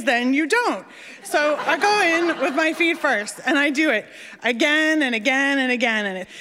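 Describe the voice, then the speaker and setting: A woman telling a funny personal story on stage, animated and self-mocking, acting out the voices of the people in it. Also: a little high, in a large hall.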